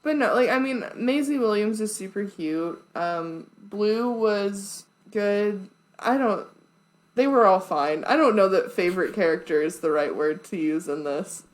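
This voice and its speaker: A woman co-hosting a casual podcast chat. She talks loosely and chattily, full of "like" and dry little quips, at an ordinary pitch and pace. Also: animated, a little slow, low-quality recording. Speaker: podcast co-host.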